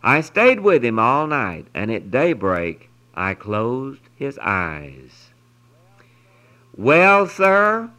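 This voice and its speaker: Brief: male devotional reader, lively pitch, slow earnest delivery. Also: low-quality recording. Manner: earnest, expressive storytelling with solemn pauses. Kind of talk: reading a devotional story aloud.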